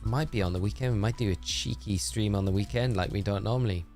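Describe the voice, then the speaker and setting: A man's voice: on the low side, fast talker, darkish tone, soft background music. A man chatting on a live stream, reading out viewer messages and thinking aloud. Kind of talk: casual live-stream chat.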